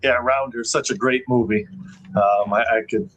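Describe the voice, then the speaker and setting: A man's voice: mid-range voice, steady tone, normal speed, a bit bright, lo-fi sound. Matter-of-fact man previewing a football season. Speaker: sports betting show co-host. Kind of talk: casual betting talk.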